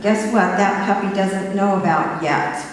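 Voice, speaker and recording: A woman's voice: medium pitch, unhurried. An older woman minister giving an earnest sermon, often checking that the congregation is following her. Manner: earnest, asks the congregation for agreement. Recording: echoey hall from far off, faint hiss.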